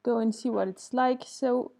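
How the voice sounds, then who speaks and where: A woman's voice: on the high side, steady tone, normal speed, gravelly, warm tone. A woman teaching an online English class, reading student answers aloud and commenting kindly, switching to to correct mistakes. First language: French.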